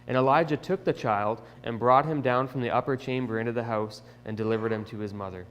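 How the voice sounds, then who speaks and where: A man's voice: medium pitch, quick pace, lo-fi sound. Man telling children a Bible story. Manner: chatty, animated retelling, with restarts. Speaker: children's lesson teacher. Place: church sanctuary. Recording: echoey church hall.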